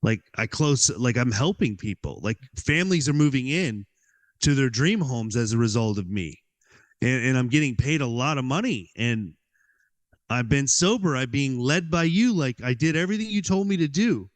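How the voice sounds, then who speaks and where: As a podcast guest, a man narrates a personal experience with animation, voicing his inner dialogue and saying "like" a lot. He has a mid-range voice at a moderate pace.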